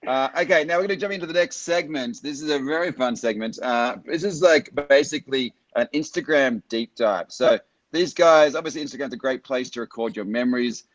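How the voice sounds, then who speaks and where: A man's voice: medium pitch, brisk, hardly any pauses, no room sound, highs cut off. A man hosting a live stream, upbeat and chatty, reading out viewer questions. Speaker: host.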